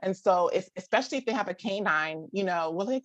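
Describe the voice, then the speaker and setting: This thirty-something woman has a medium pitch and lively intonation; the audio has no room sound and its highs are cut off. Speaking casually to a live audience about parenting, she fills her talk with "like," keeps restarting sentences, laughs frequently, and mimics others' voices.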